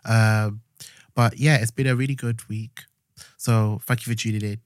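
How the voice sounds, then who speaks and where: A young man, co-hosting a podcast in relaxed, easygoing chat. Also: on the low side, normal speed, dry recording, studio quality. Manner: relaxed, easygoing with filler words. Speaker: podcast co-host. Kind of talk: casual chat.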